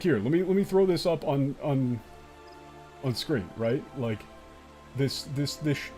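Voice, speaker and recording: A man's voice: medium pitch, a little mellow. Profane, emphatic game streamer man. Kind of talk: let's play commentary.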